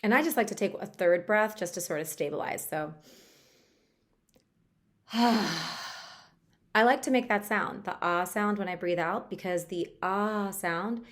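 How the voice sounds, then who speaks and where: A woman guiding a tapping session for stress relief, talking in a gentle, chatty coaching way with a few fillers. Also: lowish voice. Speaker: tapping practitioner.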